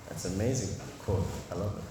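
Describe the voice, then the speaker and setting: A man's voice: low voice, quick pace. Man giving a scripture class in an echoey hall. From Australia. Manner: animated storytelling, acts out voices and chanting. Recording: echoey hall, faint room noise.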